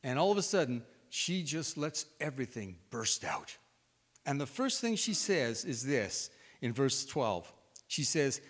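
A male pastor preaches with animated, vivid storytelling, his pitch rising and falling in lively swings. His voice is mid-pitched, and it rings with a long reverb, as in a large hall. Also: measured pace. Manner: animated storytelling, acts out the scripture. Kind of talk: sermon.

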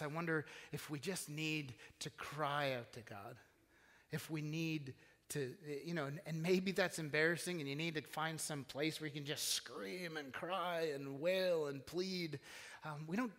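A man's voice: a little high, a bit bright, big-room sound. A man preaching a sermon as pastor, in an earnest, conversational way with frequent restarts, in a church. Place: church sanctuary.

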